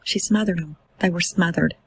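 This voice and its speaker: A woman reading aloud voices a young husband making halting, subdued admissions, in a husky mid-range voice. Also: fairly low pitch, dry recording, rough recording. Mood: confessing.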